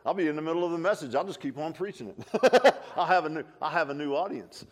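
An older man preaching a folksy, animated sermon, full of restarts and asides like "huh?". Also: fairly high pitch, quick pace.

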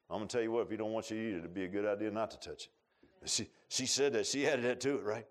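A man preaching a sermon in a folksy way, rising to loud pleading and dropping to low asides. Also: lively intonation. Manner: acts out quotes with drawn-out voices.

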